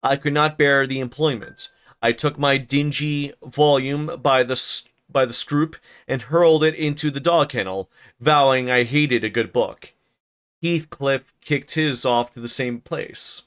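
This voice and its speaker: A man's voice: medium pitch, steady tone, measured pace, a bit bright, clean tone. A man reading a classic novel aloud on a livestream, with stumbles, rereads and casual asides. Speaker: streamer narrating a novel.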